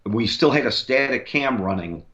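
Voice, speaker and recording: A man's voice: medium pitch, expressive, moderate pace, sharp tone. A man, a paranormal investigator, tells a long story in a rambling way, with many fillers and restarts. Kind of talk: casual storytelling on a radio interview.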